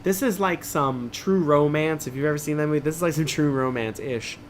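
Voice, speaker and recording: A man's voice: a little high, fairly quick, slight background noise. Wisecracking middle-aged man reading aloud. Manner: wisecracking, self-mocking. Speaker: streamer reading an adventure book. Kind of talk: casual read-aloud with joking asides.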